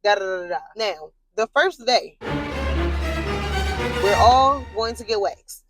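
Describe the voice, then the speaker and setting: A woman's voice: takes it slowly, music in the background, rough recording. Rambling, swearing woman telling a story. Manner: rambling, full of "like" fillers, blunt with swearing; animated, jumps high in pitch when worked up. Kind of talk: casual storytime monologue.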